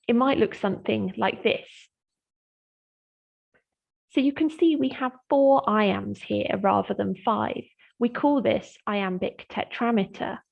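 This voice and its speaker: Woman lecturer, scripted lesson, measured and clear, some vocal fry, lo-fi sound. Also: mid-range voice. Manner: clear, measured explanatory delivery, slowing to read verse aloud. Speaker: English literature lecturer.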